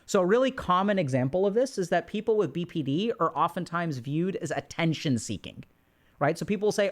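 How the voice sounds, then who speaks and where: Brief: male livestream host, higher voice, explanatory lecture tone with rhetorical check-ins. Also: animated, fairly quick. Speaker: host of a mental health livestream. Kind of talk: educational livestream talk.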